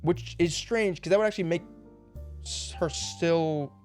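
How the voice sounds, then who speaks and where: A man's voice: on the high side, measured pace, darkish tone, soft background music. A young man streaming a puzzle game, thinking aloud in a rambling way and laughing now and then. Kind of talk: casual puzzle game livestream.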